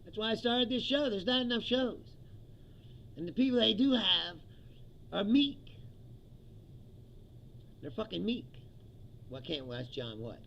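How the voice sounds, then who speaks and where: A man's voice: high voice, lively intonation, measured pace, gravelly, long pauses, fairly bright tone, highs cut off. A man from the United States hosting his own comedy show, ranting angrily and profanely about the news and laughing often.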